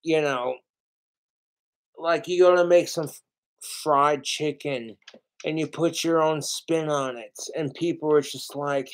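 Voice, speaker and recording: A middle-aged man streaming live, rambling slowly and swearing a lot as he talks about his fans and cooking. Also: on the high side, fairly even intonation, fairly bright tone. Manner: slow, profane, rambling. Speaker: livestreamer. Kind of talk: rambling livestream monologue.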